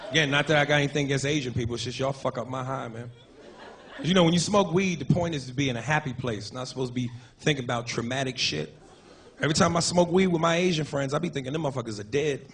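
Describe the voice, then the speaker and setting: A man doing a crude, animated stand-up comedy set on a club stage with a handheld mic. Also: a little high. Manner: crude, animated, profane jokes. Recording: noisy live club recording. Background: audience laughter.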